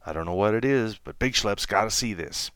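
A man's voice: lowish voice, animated, brisk, a bit bright, clean tone, dry recording. A man voicing a brave little male stuffed bear, urgent and eager.

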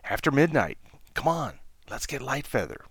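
A man's voice: medium pitch, very animated, moderate pace, a bit bright, slightly rough, no echo, voice pushed up, full character voice. A man voicing a brave little male stuffed bear, urgent and eager.

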